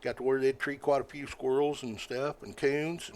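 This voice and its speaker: An older man, a podcast guest telling stories in a folksy, rambling way, often halting with fillers. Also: mid-range voice, flat delivery. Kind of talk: casual storytelling.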